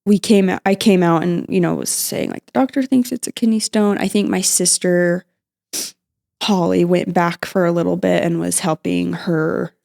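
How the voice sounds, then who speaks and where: A young woman guest on a podcast, recounting her mother's hospital visit in a halting, emotional way, with many fillers and restarts. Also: fairly low pitch, fairly even intonation, gravelly, darkish tone. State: emotional, near tears at times. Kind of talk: emotional personal storytelling.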